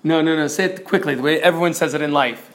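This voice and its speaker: A middle-aged man lecturing on preaching delivery, demonstrating examples and varying his loudness for effect. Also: fairly high pitch, fast. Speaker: preaching instructor.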